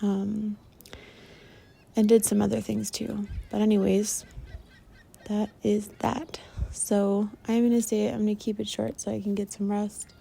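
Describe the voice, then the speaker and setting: A woman talking in a casual diary-style vlog, rambling softly and trailing off with fillers, a little stuffy from allergies. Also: medium pitch, level tone, a little slow, gravelly, husky. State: runny nose from allergies. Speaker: meditation vlogger.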